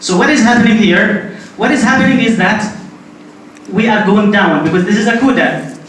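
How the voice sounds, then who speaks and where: A man with a fairly high voice lectures in a strongly echoing classroom. He is heard from some distance off the mic, and faint noise runs underneath. His first language is Arabic, and he explains things patiently, step by step. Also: normal speed, fairly bright tone. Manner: explains step by step, repeats key points. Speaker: linguistics lecturer.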